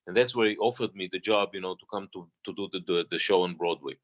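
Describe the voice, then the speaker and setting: Low-voiced man telling stories. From Israel. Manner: halting, restarts often, animated retelling. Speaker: guest, stage singer. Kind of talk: storytelling interview talk.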